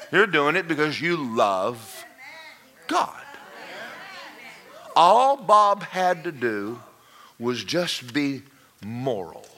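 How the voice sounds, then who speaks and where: A male pastor delivering a sermon with a very bright, sharp, forceful tone. His pitch rises and falls with animated energy, and he often drops into hushed, whispered asides before building back up. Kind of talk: sermon with storytelling.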